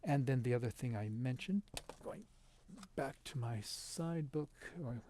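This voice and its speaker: A man giving an informal lesson over a shared screen, patient and explanatory, pausing often with fillers and restarts. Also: mid-range voice, lively intonation, mellow, a little hiss or hum. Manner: halting, with many fillers and restarts. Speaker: teacher.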